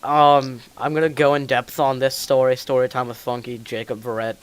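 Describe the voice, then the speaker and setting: A man's voice: mid-range voice, little pitch movement, normal speed, clear, resonant tone. A teenage boy hosting a casual online podcast, rambling and joking with friends, often laughing. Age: teens. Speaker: podcast host. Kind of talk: casual chat. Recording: faint hiss, keyboard clicks.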